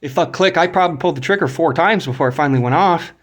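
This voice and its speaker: A man's voice: fairly high pitch, very fast. Profane guy telling a story. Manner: profane, acts out quoted dialogue; points out spots while telling. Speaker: vlogger. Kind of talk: casual storytelling.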